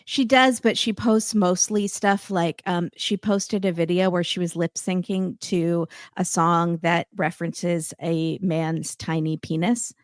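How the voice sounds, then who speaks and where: A woman guest in a casual chat, quick to agree and making wry remarks. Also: on the low side, steady tone, no echo, clean studio sound. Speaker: podcast guest.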